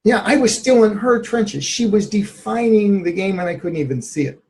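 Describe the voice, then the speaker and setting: A man's voice: high voice, normal speed, darkish tone. A man, a therapist, telling a candid personal story in an interview, reflective and laughing at times. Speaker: therapist guest.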